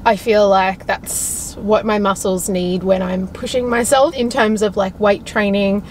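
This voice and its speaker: A woman's voice: mid-range voice, fairly even intonation, unhurried, darkish tone, slight background noise, low-quality recording. A young woman talking to camera in a casual vlog, chatty and giggly, with lots of filler words. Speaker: vlogger.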